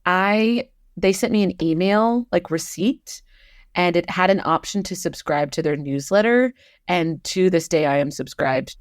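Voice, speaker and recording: Brief: young woman guest, low voice, dry close mic, animated, self-mocking storyteller. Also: unhurried, no echo. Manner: animated, self-deprecating, laughs often. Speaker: guest actor and writer. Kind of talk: casual podcast storytelling.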